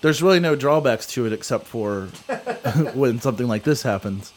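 A man's voice: mid-range voice, big pitch swings, normal speed. A young man telling a long story in casual chat, rambling with many fillers.

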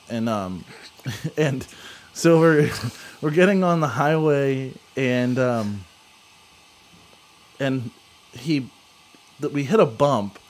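A young man telling a long story in casual chat, rambling with many fillers. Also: mid-range voice.

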